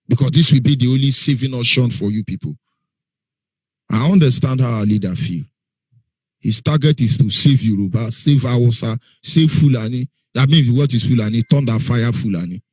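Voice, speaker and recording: A man's voice: mid-range voice, a little mellow, husky, dry recording. A man presenting on radio, driving his points home with repeated rhetorical questions that he answers himself. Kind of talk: impassioned radio talk.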